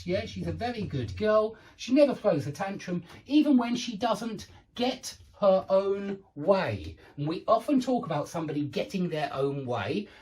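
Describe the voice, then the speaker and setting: Man, English teacher, animated up-and-down delivery, patient, repeats examples, leans on key words. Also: on the high side, low-quality recording. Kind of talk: online English grammar lesson.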